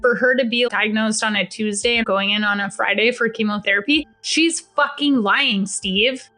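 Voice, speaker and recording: A woman's voice: mid-range voice, steady tone, fairly quick, sharp tone, soft background music. A woman telling her own story on a podcast, blunt and profane, acting out the dialogue with emphasis. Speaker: podcast guest sharing a personal story. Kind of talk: first-person storytelling.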